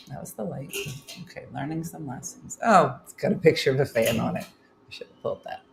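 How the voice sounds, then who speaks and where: A middle-aged woman hosts a casual morning live stream from a room at home, reading viewer comments and dropping wry asides. Her voice is slightly low and a little fast, with a clear echo from the roomy space and a faint hum of room noise beneath.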